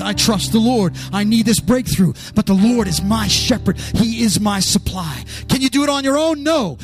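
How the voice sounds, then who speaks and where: A man preaching in a church, moving from hushed storytelling to loud, fervent altar-call exhortation. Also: high voice. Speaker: pastor. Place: church service with music behind.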